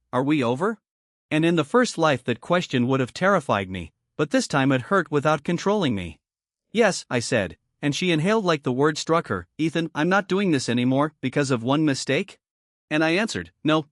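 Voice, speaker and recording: A man reading a scripted first-person drama story as narrator, in a steady, even delivery. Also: on the high side, dry recording, studio quality.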